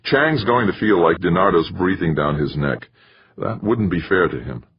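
A man voicing a calm, diplomatic mission leader who reasons things out in a measured way. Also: low-pitched, highs cut off, a little hiss or hum.

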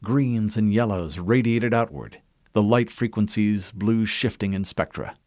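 A man reading a novel aloud in measured, expressive scripted narration. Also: on the low side, no echo, muffled recording. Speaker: audiobook narrator.

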